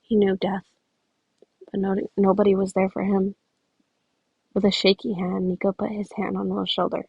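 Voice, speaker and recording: Gravelly-voiced woman casually reading fan fiction. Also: mid-range voice, completely flat delivery, moderate pace, long pauses, dry recording, phone-quality sound. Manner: casual, self-correcting with chatty asides. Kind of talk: podfic narration.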